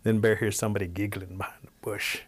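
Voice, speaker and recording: A man telling a traditional folk tale, animated, shifting pace and pitch for effect. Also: fast. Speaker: storyteller. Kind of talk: oral folk storytelling.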